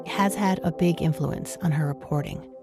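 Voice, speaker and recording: A woman narrates a podcast in a calm, measured, scripted way. Her voice is very low for a woman. Loud instrumental music plays under her.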